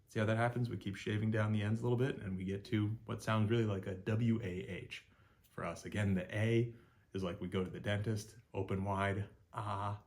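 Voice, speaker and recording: Man coaching Mandarin sounds, low voice. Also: fairly even intonation, fairly quick, a little mellow. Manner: encouraging, repeats sounds with rising pitch, praises learner. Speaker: Mandarin pronunciation teacher. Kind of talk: friendly spoken lesson with drilled sounds.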